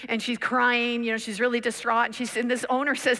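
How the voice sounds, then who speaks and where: A woman's voice: a little high, little pitch movement, a little fast, hardly any pauses, bright, forceful tone. A woman preacher telling a story in a conference sermon, acting out the people she talks about. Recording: long reverb of a big hall.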